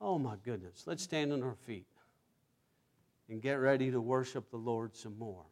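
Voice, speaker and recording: A preacher delivering a sermon in an emphatic manner, swelling to loud exclamations of praise. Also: medium pitch, normal speed.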